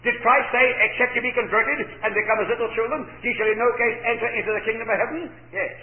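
A man's voice: very high-pitched, fast talker. A man preaching a sermon with emphasis, posing rhetorical questions and answering them himself. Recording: echoey, phone-like lo-fi recording.

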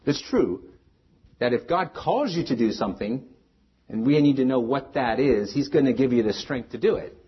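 A man's voice: mid-range voice, expressive, normal speed, breathy edge, lo-fi sound. A man preaching a sermon as pastor, earnest and rising to emphatic peaks.

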